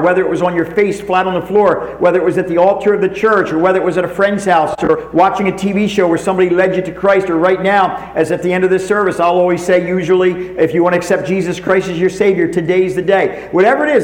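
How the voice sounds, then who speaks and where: A man preaching a sermon as pastor, calling out to his congregation and slowing down to stress key words. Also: sits high, reverberant, rough recording. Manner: preaching, calls to the congregation, slows for emphasis. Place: recorded away from the live congregation.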